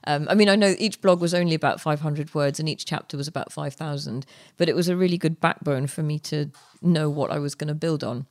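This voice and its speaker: A young woman, a guest author, telling her story in a relaxed interview, chatty with many fillers and restarts. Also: sits low, fairly quick, few pauses, dry recording.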